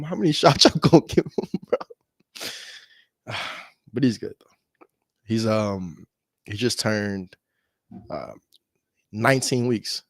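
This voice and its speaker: A man with a fairly low voice chats casually to his viewers between cold calls from home. He talks fast but makes a point of pausing when he is on the phone. The recording is close and dry, with no room sound. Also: no room sound. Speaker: real estate wholesaler. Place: at home with his dog nearby.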